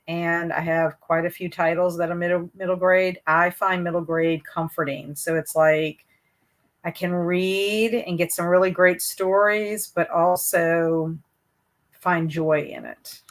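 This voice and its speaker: A woman hosts a casual book livestream and chats with her viewers. Her voice sits a little low, and her manner is chatty and hesitant, with many fillers and restarts. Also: fairly even intonation, measured pace. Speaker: booktube host reading live chat.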